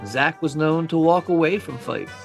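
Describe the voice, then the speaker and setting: A man's voice: fairly high pitch, expressive, moderate pace, vocal fry, soft background music. A man co-hosting a podcast, reading scripted true-crime narration with casual asides. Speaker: podcast co-host.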